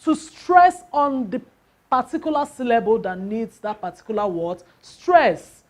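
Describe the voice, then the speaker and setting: A woman's voice: a little high, animated, moderate pace, darkish tone. A woman teacher with a Nigerian accent giving a classroom lesson, asking rhetorical questions and answering them herself, and spelling out syllables with emphasis.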